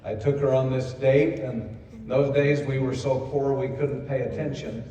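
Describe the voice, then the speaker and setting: An older man, a company co-founder, telling a personal story in a folksy, self-deprecating way, hoarse from speaking. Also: medium pitch, steady tone, normal speed, muffled recording, crowd noise. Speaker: company co-founder giving a convention speech. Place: large convention hall. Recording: echoey hall from far off.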